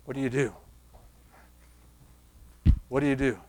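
A man preaching a sermon, pressing his listeners with repeated rhetorical questions and sinking to a soft, quiet close. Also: medium pitch, fairly even intonation, measured pace.

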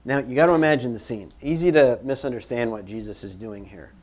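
A man preaching a sermon in church, conversational and animated, repeating phrases for emphasis as he moves about. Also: medium pitch, fairly quick. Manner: moves around while preaching. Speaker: pastor.

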